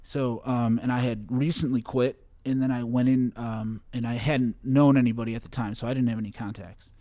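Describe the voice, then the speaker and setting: A young man from Chicago, a guest on an interview show, recounting a personal story in a halting way with many fillers and restarts. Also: medium pitch, fairly even intonation, dark tone, no room sound.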